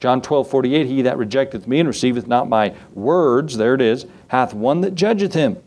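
A man's voice: medium pitch, lively intonation, normal speed, darkish tone. A man teaching a Bible study in a folksy way, reading scripture aloud and asking his listeners questions.

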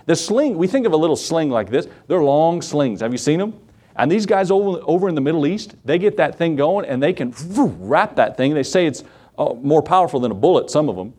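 A man's voice: a little high, a little fast. A middle-aged man preaching a sermon, telling stories in a folksy way and acting out the quotes while he talks straight to the congregation. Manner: animated storytelling with acted-out quotes; folksy, addresses the congregation directly. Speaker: pastor.

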